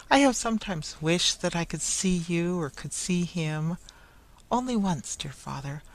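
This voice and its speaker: A reader voicing a tender, grieving blind young woman who speaks with earnest pleading. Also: mid-range voice.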